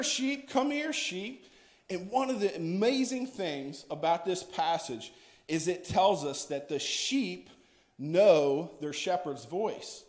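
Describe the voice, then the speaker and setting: A male pastor leads a children's message with a gentle, coaxing, playful manner. His voice sits high for a man. The sound bounces around a reverberant church sanctuary. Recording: echoey church room.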